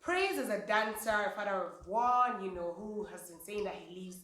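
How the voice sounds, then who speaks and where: A woman's voice: medium pitch, moderate pace, a bit bright, echoey room. A woman, gossiping casually about reality show contestants, with lots of fillers. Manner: chatty, gossipy, many fillers. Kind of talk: casual chat.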